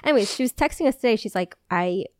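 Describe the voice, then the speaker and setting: A woman co-hosting a podcast in casual chat, animated, laughing often and swearing freely. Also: on the high side, fast, no echo, studio quality. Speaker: podcast co-host.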